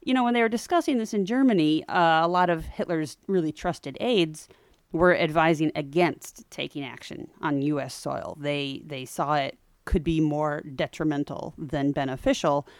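A woman with a low voice co-hosts a history podcast, narrating in a relaxed, chatty way. She slips in wry jokes and animated asides. The sound is close and dry. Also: moderate pace, no room sound. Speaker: podcast co-host. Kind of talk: casual history storytelling.

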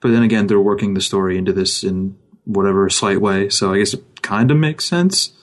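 A man's voice: fairly low pitch, a little fast. Wry man chatting casually about gaming. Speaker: podcast co-host.

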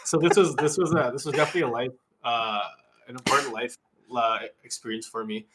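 A man's voice: mid-range voice, steady tone, brisk, noisy background. A young man who is a guest on a casual podcast, telling a rambling story in a bedroom. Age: young adult. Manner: rambling, many "like" fillers. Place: bedroom in a city apartment.

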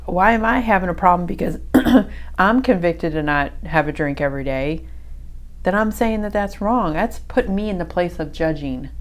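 A woman's voice: lowish voice, lively intonation, moderate pace. A middle-aged woman co-hosting a faith podcast, chatting casually with lots of fillers and restarts. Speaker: podcast co-host.

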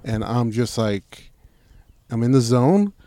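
A man's voice: medium pitch, animated, slow, dark tone, no room sound. A man co-hosting a crude podcast from a parked car at night, telling a story loosely and with lots of swearing. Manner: loose, profane storytelling with acted-out quotes. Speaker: podcast co-host. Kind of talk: crude casual chat.

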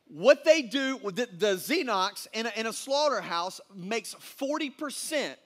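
High-voiced man preaching casually. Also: measured pace, hardly any pauses. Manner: casual, animated storytelling with slang. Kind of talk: sermon.

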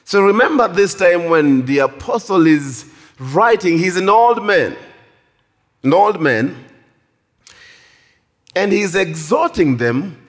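Male preacher, high voice, slow and emphatic, sermon in a reverberant hall. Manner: animated, drawn-out emphatic delivery. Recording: long reverb of a large hall.

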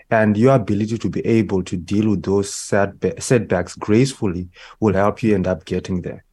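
Low mellow guy, company ceo guest, thoughtful and measured, dry sound. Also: dry recording. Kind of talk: reflective interview answer.

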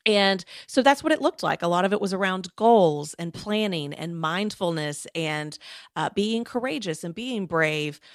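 Woman guest chatting away in an interview, lowish voice, dry close sound, lots of likes and ums. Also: measured pace, dry recording. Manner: chatty, animated, lots of fillers and quoted asides. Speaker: guest, former lawyer turned coach. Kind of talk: casual interview storytelling.

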